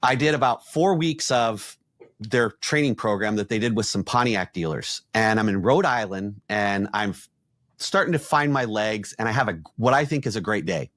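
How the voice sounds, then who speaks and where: A middle-aged man, an executive coach, telling blunt, animated stories in a podcast conversation and acting out the quotes. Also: lowish voice, moderate pace, no room sound, clean studio sound.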